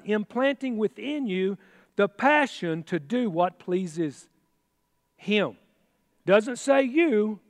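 A man's voice: high-pitched, no room sound, in a large hall. A man preaching a sermon in a folksy, exclamatory way, with chatty asides. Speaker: pastor.

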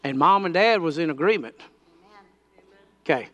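A man's voice: a little high, expressive, moderate pace, fairly bright tone, highs cut off. A man preaching a sermon, telling a personal story that builds into fervent declarations.

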